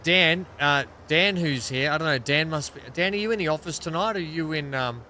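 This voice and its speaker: A man talks casually through a live gaming stream. He chats with viewers and calls on them by name between tasks. His voice is bright and forceful, with a faint hiss of noise behind it. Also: fairly high pitch, brisk, hardly any pauses. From Australia. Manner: chatty, greets and questions chat viewers by name.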